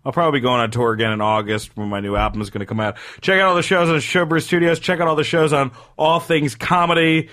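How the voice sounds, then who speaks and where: A man's voice: fairly high pitch, fairly bright tone. A man hosting a comedy podcast, joking and teasing his guests in casual chat. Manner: joking, teasing, quick plugs. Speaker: podcast host.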